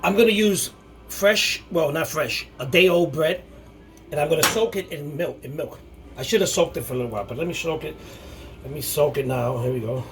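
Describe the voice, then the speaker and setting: A man hosting a casual home cooking video, talking in a rambling, halting way with many restarts. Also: fairly high pitch, music in the background. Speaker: cooking show host.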